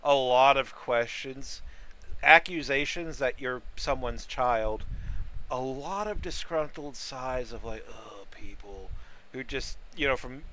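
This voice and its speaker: A man narrating as game master, describing scenes in a halting way with many fillers. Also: mid-range voice, bright, forceful tone, a little hiss or hum, low-quality recording.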